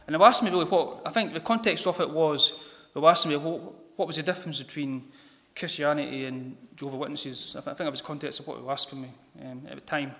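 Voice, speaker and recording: A man giving an informal gospel sermon in a church hall, talking haltingly with many ums and repeated words. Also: fairly high pitch, pushed and bright. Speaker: lay preacher. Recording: reverberant hall.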